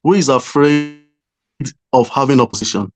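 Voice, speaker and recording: A man's voice: medium pitch, normal speed, over music. A man in a heated political debate, insistent and exasperated, pressing with questions. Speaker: panel debater.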